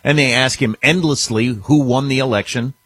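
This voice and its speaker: A man's voice: medium pitch, normal speed, fairly bright tone, husky, no echo. A man co-hosting a political talk radio show, casual and offhand, rambling through asides.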